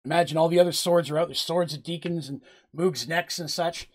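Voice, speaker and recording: Husky man narrating a tabletop game. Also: on the high side, fairly even intonation, fairly quick. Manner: loose, rambling narration with restarts.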